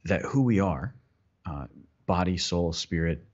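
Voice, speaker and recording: A man's voice: low-pitched, expressive, unhurried, darkish tone, highs cut off. A man, a priest co-hosting a podcast, chatting casually and rambling through tangents with many restarts. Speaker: priest co-host.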